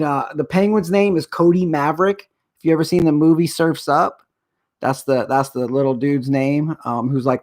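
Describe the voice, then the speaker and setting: A man's voice: fairly high pitch, vocal fry. A middle-aged man hosting a live stream, ranting in an agitated, rambling way. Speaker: show host. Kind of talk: casual live-stream rant.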